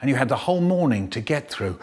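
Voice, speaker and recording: A man's voice: mid-range voice, a little mellow, breathy edge. A man telling comic stories in a playful, exaggerated way. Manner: exaggerated, playful, does funny voices. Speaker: storyteller. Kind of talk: animated comic storytelling, remixed clips.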